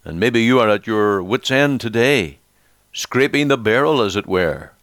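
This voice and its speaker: A male pastor preaching a radio sermon, dramatic with rising questions and slowed emphasis. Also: fairly low pitch, expressive, fairly bright tone, no echo.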